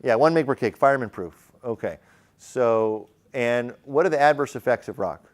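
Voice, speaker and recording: Male emergency medicine teacher, smooth tone, chatty classroom lecture full of fillers. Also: mid-range voice, normal speed. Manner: conversational, questions the class, frequent fillers.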